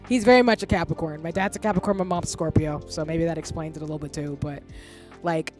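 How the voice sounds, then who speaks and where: A woman's voice: sits low, fairly even intonation, quick pace, a little mellow. A woman in her thirties chats casually on her stream with a rambling, candid delivery. She swears freely as she goes off on long tangents, with faint music under her voice. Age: 30s. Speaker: livestreamer.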